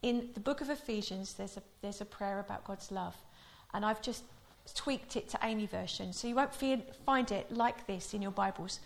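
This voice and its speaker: A woman's voice: mid-range voice, moderate pace, creaky, few pauses. A woman preaching a sermon, telling stories in a chatty way before leading a prayer. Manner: chatty storytelling, laughing often.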